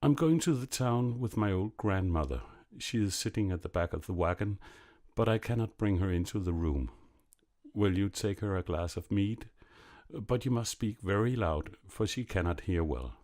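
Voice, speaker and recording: A man voicing a clever young peasant in a fairy tale, brisk and lively. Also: on the low side, close to an everyday voice.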